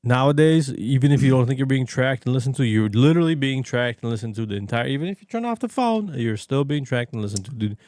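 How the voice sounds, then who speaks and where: A man co-hosting a casual podcast, talking bluntly and emphatically at a middling pitch. His voice sounds close and dry, with no room around it. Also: lively intonation, fast talker, few pauses, a little mellow, dry recording. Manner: emphatic, says "dude" and "hundred percent" often. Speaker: podcast co-host. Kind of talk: casual chat.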